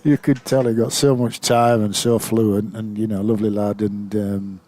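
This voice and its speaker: A man's voice: on the low side, little pitch movement, normal speed, warm tone. An older man, a former player reminiscing in a rambling, anecdotal way with many fillers. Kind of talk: reminiscing commentary chat.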